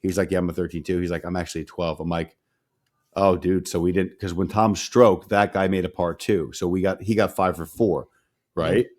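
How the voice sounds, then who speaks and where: A man with a low-pitched voice speaks at a moderate pace. He's co-hosting a casual podcast and telling an animated story full of swearing, acting out the dialogue as he goes.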